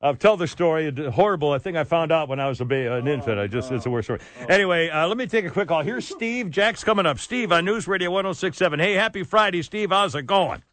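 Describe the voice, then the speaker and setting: A man's voice: a little high, lively intonation, quick pace, hardly any pauses, a bit bright. Brash joking male radio host. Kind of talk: talk radio. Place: radio studio.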